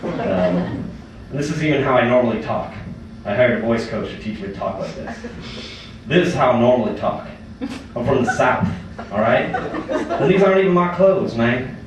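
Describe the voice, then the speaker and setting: Halting, quiet man in an echoey club. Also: medium pitch, animated, distant mic, noisy background. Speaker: stand-up comedian. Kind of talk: stand-up confession bit. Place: comedy club stage. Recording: echoey club heard from afar.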